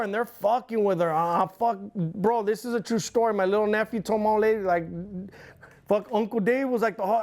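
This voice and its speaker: Profane, rambling middle-aged man. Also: sits high. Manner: profane, rambling, animated retelling. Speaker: interview guest. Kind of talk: casual storytelling interview.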